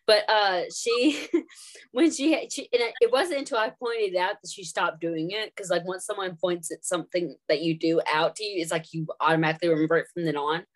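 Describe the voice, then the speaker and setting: Co-hosting a podcast, a young woman speaks at normal speed in a fairly low voice with fairly even intonation. Her talk is relaxed and rambling, packed with fillers.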